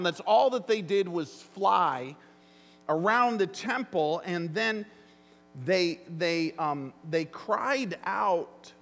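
A man preaching a sermon as pastor, earnest and emphatic, with deliberate phrasing. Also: high-pitched, expressive, a bit bright. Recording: long reverb of a large hall.

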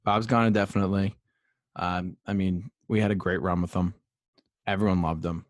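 Breathless deep-voiced young man podcasting. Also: steady tone, moderate pace, a little mellow, no echo. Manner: rambling, filler-heavy, self-deprecating. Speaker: solo sports podcast host. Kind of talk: casual rambling sports podcast.

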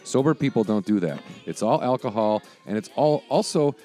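A man's voice: fairly low pitch, animated, normal speed, dark tone, soft background music. A man co-hosting a podcast in casual chat, throwing in dry quips and short reactions. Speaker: podcast co-host.

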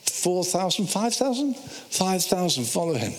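A man's voice: high-pitched, measured pace. A man preaching a sermon, telling Bible stories with energy and acting out the voices of the people in them. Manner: animated storytelling, acting out biblical voices. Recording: echoey hall.

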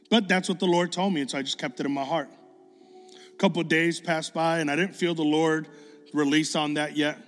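A man preaching a sermon, telling a story with lively acted-out dialogue and excited bursts. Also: fairly high pitch, long reverb tail. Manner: animated, acts out dialogue, builds to excited bursts.

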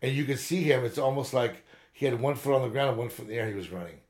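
A man's voice: medium pitch, lively intonation, fast talker, a crowd in the background. A man in his fifties on a podcast, telling long, rambling, profane stories in casual chat. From Southern California. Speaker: podcast co-host.

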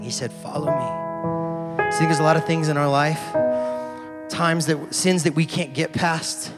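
A young adult man giving a casual, conversational youth sermon as a pastor. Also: fairly high pitch. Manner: casual, conversational preaching with fillers. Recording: loud piano music underneath. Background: soft piano music.

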